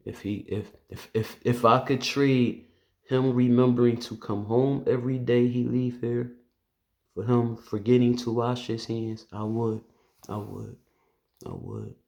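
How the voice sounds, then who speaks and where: A man's voice: lowish voice, creaky, a little mellow. A man who works as a police officer, telling a personal story to camera in an earnest, conversational way with loose phrasing and restarts.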